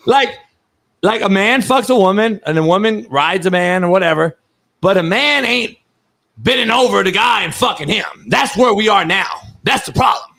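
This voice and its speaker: A man hosting a sports talk show, ranting loudly and profanely, often breaking into shouts. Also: high voice, animated, normal speed, gravelly. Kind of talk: heated sports talk banter.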